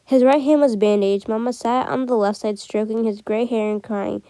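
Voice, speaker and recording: A woman reading a novel aloud in a steady way, with occasional slips and restarts. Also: fairly high pitch, moderate pace, clear, resonant tone, no room sound. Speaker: reader.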